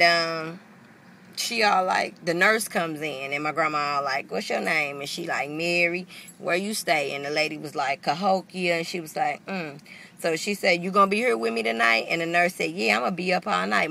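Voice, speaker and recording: Female vlogger, raspy-edged, bright tone, animated storyteller with salty language. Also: fairly low pitch, normal speed, a little hiss or hum. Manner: animated, profane, acts out quotes. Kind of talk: casual storytelling to camera.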